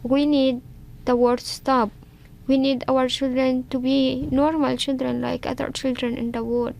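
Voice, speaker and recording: A mother from Syria speaking slow, halting second-language English as she reads a prepared statement. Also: high-pitched, flat delivery, vocal fry, darkish tone. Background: music.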